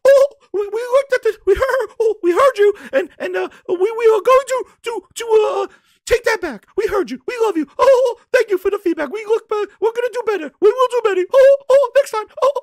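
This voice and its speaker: A man's voice: extremely high pitch, expressive, fairly quick, dry recording, studio quality, pitched above the performer's own voice. A man mockingly impersonating a nervous, fawning male gaming executive who stammers and gushes. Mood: nervous gushing.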